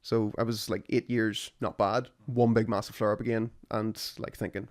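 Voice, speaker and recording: A man hosting a casual podcast, telling stories in an animated, sarcastic way. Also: lowish voice, normal speed. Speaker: podcast host.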